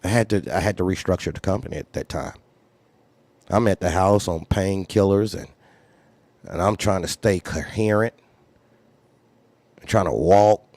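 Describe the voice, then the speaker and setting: A man's voice: low-pitched, moderate pace, long pauses, darkish tone, dry recording. A man who runs a trucking company, candidly telling a story in a blunt, profane way and repeating phrases for emphasis. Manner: acts out others' lines in raised voice.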